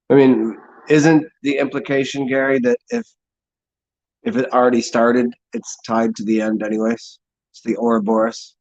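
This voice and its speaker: A man's voice: normal speed, gravelly, darkish tone, muffled recording. A man hosting a casual livestream, rambling sarcastically and swearing as he mocks others. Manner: sarcastic, mocks people in high put-on voices, swears. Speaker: livestream host.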